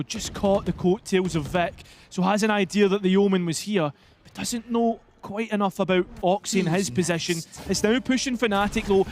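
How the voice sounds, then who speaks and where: A man giving analytical color commentary on an esports match, sometimes correcting himself mid-sentence. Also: high voice. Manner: analytical, occasional self-corrections and laughs.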